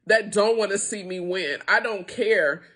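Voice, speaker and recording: A woman's voice: mid-range voice, unhurried, fairly bright tone. A middle-aged woman who owns a small business, making an emotional, impassioned appeal to her viewers, frustrated and close to tears. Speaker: small business owner and founder. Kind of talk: emotional direct-to-camera appeal.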